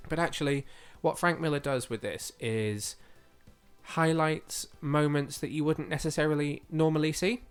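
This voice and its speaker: A man's voice: on the high side, fairly even intonation, moderate pace, clean tone, faint music behind. A man co-hosting a podcast, chatting eagerly with lots of fillers, his voice slightly going. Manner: chatty and enthusiastic, with frequent fillers. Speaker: podcast co-host. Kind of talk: casual podcast chat.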